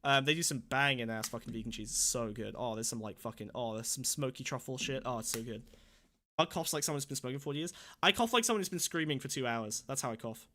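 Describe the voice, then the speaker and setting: A man's voice: medium pitch, fast talker, pushed and bright. A man with a sore throat, hosting a casual livestream with swearing, mock-angry rants. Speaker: streamer host.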